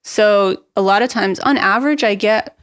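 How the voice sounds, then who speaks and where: A woman speaking as a guest expert on a real estate podcast. She gives practical marketing advice in a brisk, upbeat way. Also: medium pitch, clean tone, dry recording, studio quality. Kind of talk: podcast interview, explaining marketing tips.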